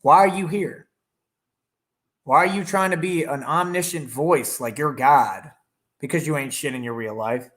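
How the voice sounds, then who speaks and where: A man's voice: a little high, measured pace, a bit bright. A man on a livestream, taunting and boasting at critics in the chat. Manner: talks over his own song playing. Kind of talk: combative livestream rant.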